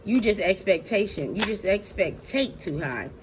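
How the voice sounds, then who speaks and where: A woman's voice: mid-range voice, expressive, normal speed, noisy background. Blunt, profane woman giving a tarot reading. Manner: blunt and profane, laughs often; slangy, talks straight to "y'all". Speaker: tarot reader. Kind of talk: casual tarot reading to viewers.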